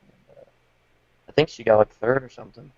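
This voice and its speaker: A man's voice: medium pitch, fairly even intonation, a little fast, a little mellow, no echo, lo-fi sound. A man answering as a podcast guest, laid-back and a little hesitant, over a remote call line. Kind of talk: casual interview chat.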